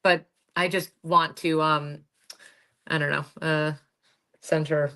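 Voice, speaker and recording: A woman co-hosting a casual podcast chat. Her voice is bright and forward. She rambles, circling back with ums and restarts. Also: low voice, little pitch movement, slow pace. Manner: chatty, lots of fillers and restarts. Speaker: podcast co-host.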